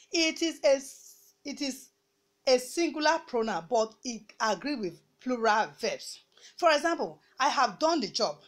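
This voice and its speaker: A slightly high-pitched woman from Nigeria gives a grammar lesson to students. She speaks deliberately, repeats each rule, and slows right down when she dictates example sentences. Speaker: English teacher.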